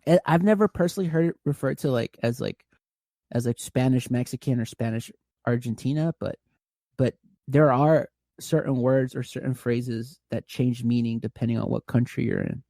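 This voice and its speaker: A man's voice: medium pitch, normal speed, dark tone, dry recording, studio quality. A man from California, a podcast guest, telling a story in casual chat, rambling and full of "like" fillers. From California, USA. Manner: rambling storyteller, heavy use of "like", laughs often.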